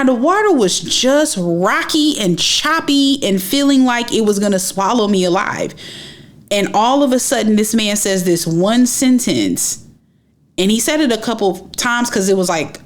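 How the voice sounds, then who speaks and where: A woman's voice: mid-range voice, moderate pace. Woman telling an emphatic personal story. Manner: animated, emphatic retelling with repeated phrases.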